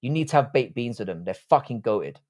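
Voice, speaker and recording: A man's voice: mid-range voice, animated, a little fast, a little mellow. A man hosting a live stream, casually reading out chat and trading profane mock insults with viewers. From England.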